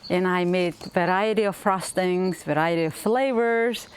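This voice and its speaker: A woman in her fifties from Mongolia, hosting her home baking vlog in a tender, earnest, unhurried way. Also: on the low side, smooth. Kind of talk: heartfelt cooking vlog talk.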